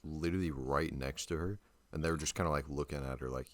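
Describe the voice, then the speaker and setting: A young man with an extremely deep voice chatting on a podcast. His talk is loose and full of fillers, recorded close and dry. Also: fairly even intonation, quick pace, no room sound. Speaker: podcast co-host. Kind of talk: casual chat.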